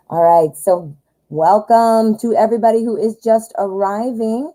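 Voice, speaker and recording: An American woman hosting a live tarot reading stream, chatty and talking straight to her viewers, her voice going hoarse. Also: on the high side, fairly even intonation, normal speed, mellow, rough recording. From United States. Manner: chatty, talks directly to viewers. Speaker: tarot reader host.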